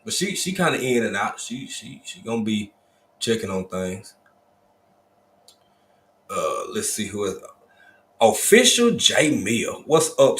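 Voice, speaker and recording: Greeting his viewers individually over and over, this man runs a casual livestream in an easygoing, folksy drawl of Southern Black vernacular. His mid-range voice has a fairly bright tone and echoes in a reverberant space.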